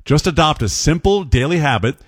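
A man's voice: fairly high pitch, a little fast, no room sound, studio quality. Man reading a radio health segment. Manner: steady, informative delivery. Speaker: radio host.

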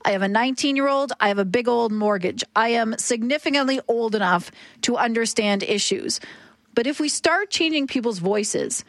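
A woman's voice: a little high, lively intonation, moderate pace, dry recording, studio quality. A woman, arguing passionately and emphatically as a talk radio host. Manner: impassioned, emphatic.

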